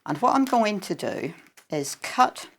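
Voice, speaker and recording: A woman, a quilting expert, explaining a craft demonstration on a shopping channel in a chatty way with frequent pauses. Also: mid-range voice, sing-song.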